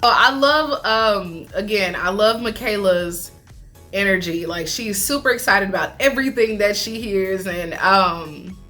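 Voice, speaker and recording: A woman chatting casually as she recaps a reality show, animated, laughing often and talking with lots of fillers. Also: mid-range voice, unhurried, faint music behind.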